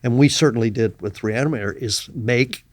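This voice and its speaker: An older man talking as a guest in a casual podcast chat, thoughtful and halting, often trailing off quietly. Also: mid-range voice, no echo. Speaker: guest actor.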